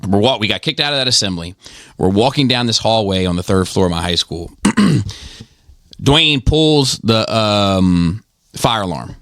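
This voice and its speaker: A man from Maryland with a low voice tells casual stories on a podcast, swearing freely and acting out the people in them. His voice is recorded dry and close, with no room sound. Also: normal speed, dry recording. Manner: profane, animated retelling with quoted voices. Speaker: podcast host. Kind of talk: casual storytelling.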